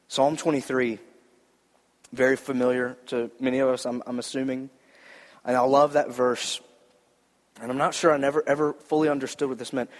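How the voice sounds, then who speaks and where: A man's voice: medium pitch, fairly even intonation, normal speed. A man preaching a sermon in an earnest, conversational way, repeating key lines for emphasis. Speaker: pastor. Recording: hall reverb.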